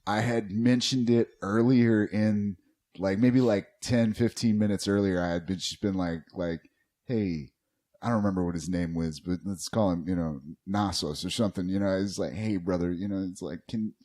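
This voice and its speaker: A man's voice: deep voice, steady tone, normal speed, darkish tone. A man hosting a podcast, telling a long story in a rambling, profane, casual way. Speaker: podcast host.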